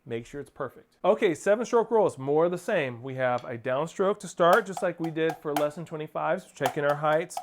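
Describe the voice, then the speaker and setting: A man's voice: fairly high pitch, brisk, hardly any pauses, a little hiss or hum. A man teaching a percussion lesson, counting off and singing rhythms aloud as he coaches. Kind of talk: instructional drum lesson. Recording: spoken over loud percussion playing.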